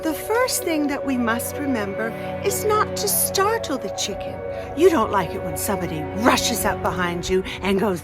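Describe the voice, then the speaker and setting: A woman from Canada hosts a children's chicken-care lesson on a farm, talking gently and softly to her hens as she teaches. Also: a little high. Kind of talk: friendly teaching presentation for children. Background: music.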